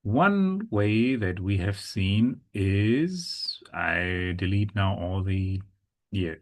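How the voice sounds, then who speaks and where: Man, language teacher, patient, repeats words, slow unhurried pace, lowish voice. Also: darkish tone. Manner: patient, repeats words slowly for students to copy. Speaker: German teacher. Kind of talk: pronunciation lesson.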